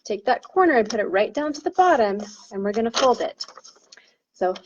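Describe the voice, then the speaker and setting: Bright-voiced woman teaching children a song. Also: a little high, animated, a little fast, dull audio, slight background noise. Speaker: primary chorister. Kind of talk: demonstrating a children's song lesson.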